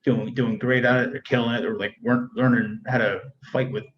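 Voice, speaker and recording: A man's voice: mid-range voice, fairly even intonation, fairly quick. A middle-aged man, an Army sergeant, talking candidly about family life in a rambling way with frequent restarts. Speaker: Army first sergeant, guest. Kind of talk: casual conversation. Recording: dull, lo-fi sound with faint noise.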